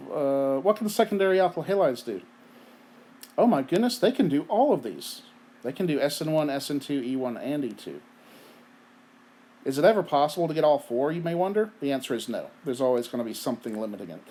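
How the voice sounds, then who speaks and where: A fairly high-voiced man lecturing on chemistry in a chatty, conversational tone. He keeps asking rhetorical questions and checking in with "right?", and he has the hiccups. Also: mellow. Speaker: chemistry teacher. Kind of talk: recorded lecture.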